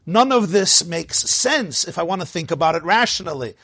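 A man with a high, very lively voice leads a Torah class, bouncing between rhetorical questions and quick jokes. His delivery is animated and playful. The recording is dry and close. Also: slightly rough, no echo. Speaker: rabbi teaching a class.

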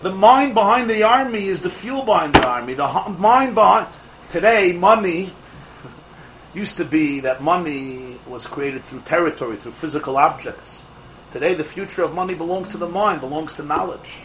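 A man teaching a Torah class to a live group of students, an animated storyteller who fires off rhetorical questions and laughs at his own jokes. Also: high-pitched, moderate pace, a little hiss or hum, poor audio. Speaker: religious teacher.

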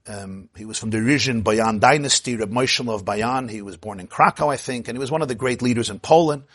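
Husky-voiced rabbi telling a story. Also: male voice, mid-range voice, brisk, no echo. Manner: animated, acts out quotes, swings from murmurs to exclamations. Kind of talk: sermon storytelling.

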